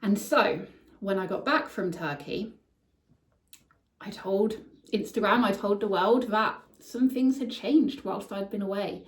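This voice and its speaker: A woman's voice: mid-range voice, a little slow. A woman telling a personal story in a candid, emotional way, swearing casually, as the host of her show. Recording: echoey room, voice somewhat far from mic.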